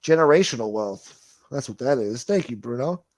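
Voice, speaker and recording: A man's voice: mid-range voice, animated, normal speed, a little mellow, no echo. A man hosting a livestream, reading viewer comments and chatting in a rambling, profane way. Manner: rambling, swears a lot, laughs. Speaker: livestream host reading chat. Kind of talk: casual profane chat.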